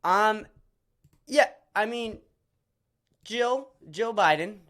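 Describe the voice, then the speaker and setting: Man, solo podcast host, slow pace, sarcastic, profane, rambling. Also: high voice, animated, pushed and bright.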